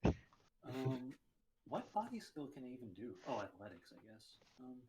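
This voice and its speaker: A man's voice: medium pitch, very animated, measured pace, heavy background noise. A man playing a tabletop game, describing his character's actions in a hesitant way. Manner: hesitant, many ums and restarts. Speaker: player.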